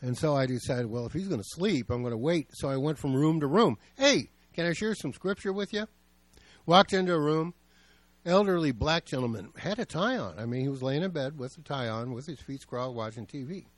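A man's voice: medium pitch, lively intonation, brisk, dry recording. Man preaching a conversational sermon. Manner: storytelling, plain and conversational. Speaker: pastor.

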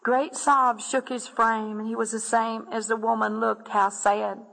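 Woman, earnest testimony narration, gravelly, somewhat high pitch. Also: level tone, a little slow, fairly bright tone, long reverb tail, poor audio. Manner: earnest, addresses listeners as "my friend". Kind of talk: dramatic testimony reading.

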